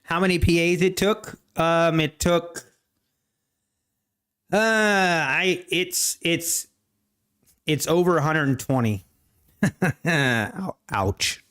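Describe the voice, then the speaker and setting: Guy on a trading livestream, slow and halting, keeps clearing his throat, fairly high smooth voice. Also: a bit bright. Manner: slow, halting, many restarts, answers chat. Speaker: livestream day-trading host. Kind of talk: casual live-stream chat. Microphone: desk mic.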